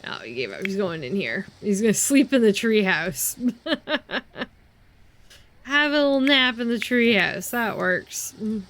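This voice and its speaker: A woman's voice: medium pitch, sing-song, unhurried, a bit bright, poor audio. A woman giving casual, giggly commentary while playing a life-simulation game, sleepy and yawning as she chats. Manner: giggly, chatty, self-mocking about being tired.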